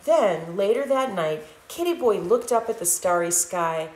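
A woman hosting a live storytime, reading a picture book aloud to children as a playful, animated storyteller. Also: mid-range voice, measured pace. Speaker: storytime host and mother. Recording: echoey room with faint hiss.

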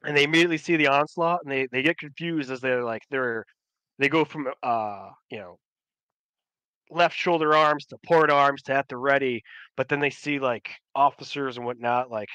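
A man's voice: medium pitch, normal speed, bright, forceful tone, clear, resonant tone, dry recording, dull audio. A man narrating a tabletop game as game master, rambling with many fillers and restarts.

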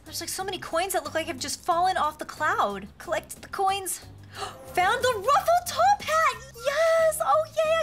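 A young woman hosting a gaming and craft channel, gushing with excitement and gasping as she talks to her viewers. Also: high-pitched. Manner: excited, gushing, squeals and gasps. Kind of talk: bubbly game commentary and craft tutorial.

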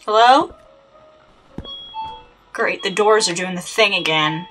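Young woman gamer rambling while she plays, bright voice, slow-ish, faint music behind. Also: mid-range voice. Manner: chatty, playful, exasperated asides. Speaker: gaming channel host. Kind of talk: let's play commentary.

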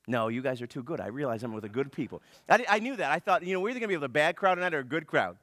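A man's voice: fairly high pitch, expressive, very fast, a bit bright, no echo, studio quality. A man preaching a sermon as pastor, in a joking, conversational manner. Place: church.

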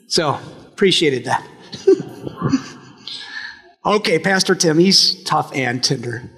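A male pastor giving a sermon in a relaxed, joking way, often restarting his phrases. His voice sits high for a man. The church adds a long, trailing reverb. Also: slow, long pauses, slightly rough. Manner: conversational and humorous, with frequent restarts. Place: church sanctuary.

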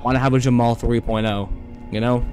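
A man's voice: medium pitch, steady tone, a little mellow, soft background music. A young man casually commenting on a horror game he plays, chatty and full of slang, talking to the creatures on screen. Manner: yelps and rushes when scared. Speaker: gaming YouTuber. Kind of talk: casual let's-play commentary.

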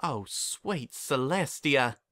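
A man voicing a steady, plain-spoken country farm mare who talks in a drawling, folksy way. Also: mid-range voice, unhurried, no room sound. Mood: earnest.

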